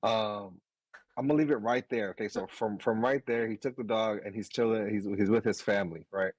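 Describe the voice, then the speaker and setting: A man in his thirties, a podcast co-host, telling a story in casual chat, animated, swearing and laughing as he goes. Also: on the low side, a little fast, no room sound, low-quality recording.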